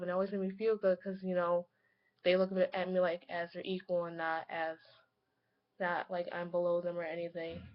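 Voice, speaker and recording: A young woman who is sick and hoarse talks her way through a casual vlog, filling the gaps with "like" and "you know". Her voice stays flat and even, with little rise or fall. The recording is dull and lo-fi. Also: fairly low pitch. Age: young adult. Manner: rambling, heavy use of "like". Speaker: college student vlogger.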